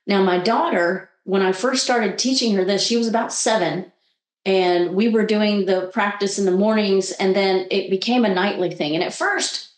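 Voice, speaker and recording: A woman coach sharing a story in an animated, conversational way, acting out the voices she quotes. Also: medium pitch, roomy sound. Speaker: guest coach.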